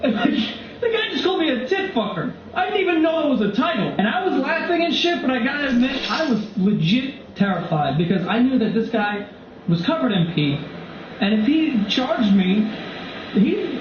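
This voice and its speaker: A young man and comedian vlogger telling crude, animated stories full of swearing. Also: extremely high pitch, brisk. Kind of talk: comedic storytelling. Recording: very echoey dull recording with noise.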